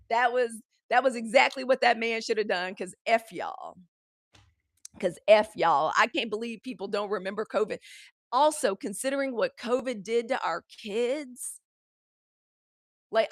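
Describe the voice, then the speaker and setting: A woman runs a live news commentary show and riffs casually to her viewers. Her talk is blunt, exasperated and salted with profanity. Her voice sits at a middle pitch and sounds dry and close, with little room echo. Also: fairly bright tone. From United States.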